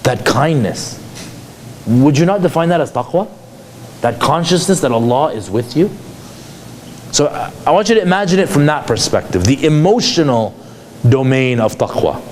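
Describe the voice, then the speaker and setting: A man's voice: mid-range voice, animated, normal speed, long pauses, a little mellow, slight background noise. A man giving a conversational lecture to a class, asking many rhetorical questions. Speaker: psychologist teaching a class.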